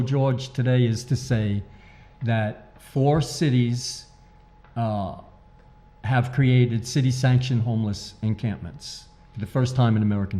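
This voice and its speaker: Male guest author, mellow and dark, earnest, hammers home his points. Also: medium pitch. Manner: earnest, emphatic, repeats key points. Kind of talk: interview talk.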